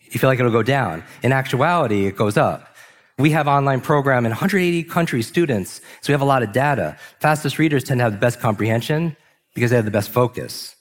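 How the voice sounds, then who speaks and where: A man giving an energetic motivational talk on a large stage, asking the audience questions and slowing down for emphasis. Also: medium pitch. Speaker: speaker. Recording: long hall reverb.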